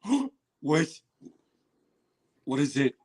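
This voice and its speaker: A man hosting a casual livestream, chatting to viewers, repeating himself and bursting into loud exclamations and swearing. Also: on the high side, extremely slow, husky. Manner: excitable, exclaims and swears loudly. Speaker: livestream host reacting to a trailer.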